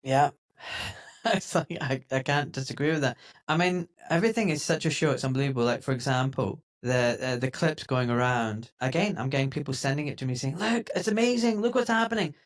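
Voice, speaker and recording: A man's voice: mid-range voice, brisk. Emphatic male podcast host. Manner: emphatic, animated when mimicking others. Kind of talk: casual conversational podcast talk.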